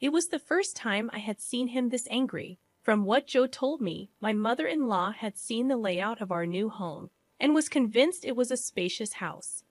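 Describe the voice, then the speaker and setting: A woman narrating a first-person family story in an even, measured way. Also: a little high, no room sound.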